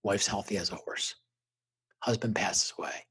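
A man's voice: on the low side, normal speed, fairly bright tone, slightly rough. A middle-aged man and motivational speaker telling his personal story as a guest, intense and emphatic with punchy repeated phrases.

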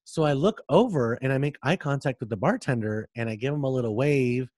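Casting note: male podcast host, mid pitch, animated storyteller, joking and profane, dry close sound. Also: fairly quick, no echo. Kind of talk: casual pop culture chat.

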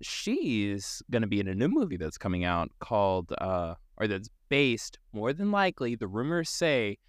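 A man's voice: on the low side, huge pitch swings, moderate pace, no room sound, clean studio sound. A man co-hosting a podcast, talking in a casual, profane, jokey way. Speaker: podcast co-host. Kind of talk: casual chat.

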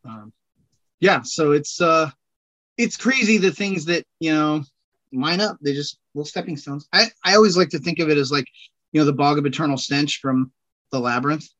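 A man's voice: a little high, moderate pace, a bit bright, muffled recording. A man chatting as a podcast guest, rambling and joking, laughing at himself. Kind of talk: casual chat.

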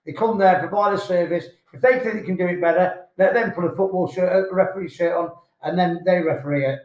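High-voiced indignant man. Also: fast, lo-fi sound. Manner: earnest, repetitive, indignant. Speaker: guest. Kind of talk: casual chat. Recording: echoey room.

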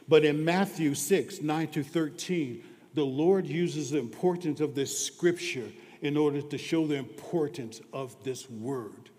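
A man delivering a sermon at a slow, deliberate pace, his voice set a little higher than most men's. He sinks to near-whispers on some lines, then swells to loud, emphatic declarations. A long reverb trails each phrase, as in a large hall. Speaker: preacher.

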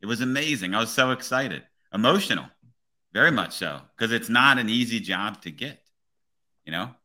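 A police officer hosting a podcast, talking in an earnest, motivational way and often checking in with "right?". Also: male voice, medium pitch, animated, moderate pace, bright, forceful tone. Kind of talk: casual podcast conversation.

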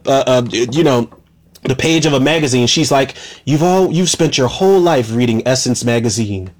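A man rants casually through a movie recap, swearing freely and growing exasperated. His voice sits at an ordinary middle pitch and jumps up when he gets worked up. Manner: profane, animated, exasperated. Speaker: movie reviewer.

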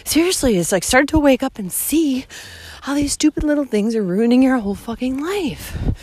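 A young woman rants into her phone while hiking a trail, panting from the climb and swearing freely. Her pitch leaps high and drops low as she gets worked up. It is a casual, unscripted walking vlog recorded outdoors. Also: moderate pace. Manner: blunt, heavy swearing, animated rants. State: out of breath from climbing. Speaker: vlogger hiking the Camino. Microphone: phone held while walking.

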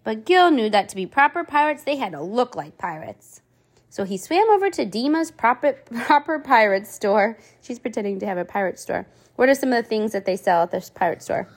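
Mom reading a kids book out loud to her little one, lively swoopy voice, kinda high. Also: fairly quick. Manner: animated, chatting with her child between pages. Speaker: parent reading to child. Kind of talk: reading a picture book aloud.

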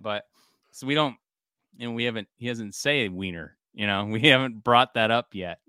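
Bright, clear-voiced man telling stories. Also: mid-range voice, normal speed, no room sound, clean studio sound. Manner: laughs often, tells stories animatedly. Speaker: podcast co-host. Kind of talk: casual chat.

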